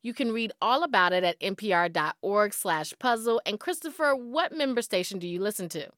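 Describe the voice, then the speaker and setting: A woman's voice: mid-range voice, expressive, a little fast, a bit bright. A woman hosting a radio news program, reading scripted segments and chatting cheerfully during a word puzzle. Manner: upbeat, laughing easily. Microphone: studio microphone.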